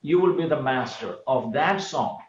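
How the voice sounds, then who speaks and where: A man's voice: mid-range voice, animated, moderate pace, a little hiss or hum. A man talking earnestly in a casual conversation, explaining his views fluently with some fillers. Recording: dull, echoey room sound.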